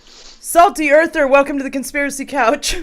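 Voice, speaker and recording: A woman's voice: high-pitched, fairly even intonation, moderate pace, slight background noise. A woman hosting a call-in show, chatting casually and laughing often. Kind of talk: casual chat.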